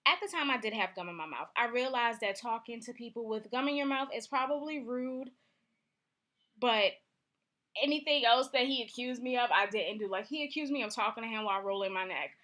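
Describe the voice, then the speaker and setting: Young woman vlogging, bright sharp voice, kinda high, telling a story all animated. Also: brisk. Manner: candid, animated storytelling with acted-out quotes. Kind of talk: casual storytime vlog.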